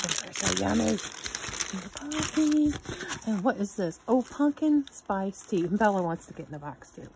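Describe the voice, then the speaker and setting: A woman's voice: medium pitch, expressive, a little slow, noisy background. A woman hosting her own channel, gushing and exclaiming as she unboxes a gift box. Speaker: channel host. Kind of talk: unboxing vlog.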